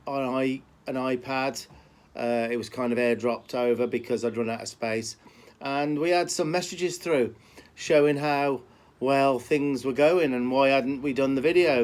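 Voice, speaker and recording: A man from Birmingham with a softened Brummie accent, a horse trainer talking casually to camera and often repeating himself with fillers. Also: medium pitch. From Birmingham, England. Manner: rambling, repeats words, many fillers. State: limping.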